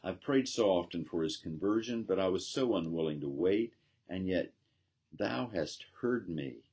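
A man's voice: deep voice, expressive, moderate pace, darkish tone, husky, full character voice. A man voicing a tender, devout noblewoman in a read-aloud story. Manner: tender, questioning.

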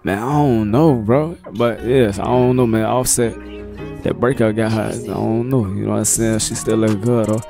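A man's voice: lowish voice, fairly even intonation, normal speed, gravelly, warm tone, faint music behind. A man hosting a casual reaction video, talking in a laid-back, slangy way and laughing often.

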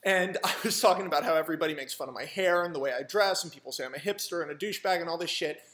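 High-voiced man rambling through a story. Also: rapid-fire. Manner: animated, rambling, profane. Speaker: screenwriter. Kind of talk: casual storytelling monologue. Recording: roomy echo.

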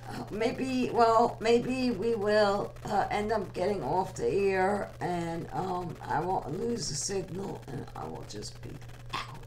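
A woman's voice: fairly low pitch, a little hiss or hum, rough recording. A young woman hosting an online radio show, rambling casually and teasing her listeners as she talks with them. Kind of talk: casual live chat with listeners.

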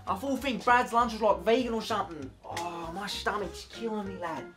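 A man's voice: sits high, expressive, fairly quick. Man putting on a mouthy young Aussie eshay, swaggering, slangy, crude, faint music behind. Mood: cocky. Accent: Australian. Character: brash cocky young male eshay slacker, crude and lazy. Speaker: office worker. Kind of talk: comedy sketch acting.

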